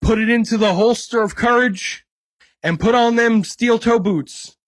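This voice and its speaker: A man's voice: very high-pitched, unhurried, dry recording, pitched above the performer's own voice. A man putting on a hammy Southern guide. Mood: hammy rallying. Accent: American Southern, put on. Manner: grandiose, hammy pep talk. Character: man hamming up a folksy Southern adventure guide.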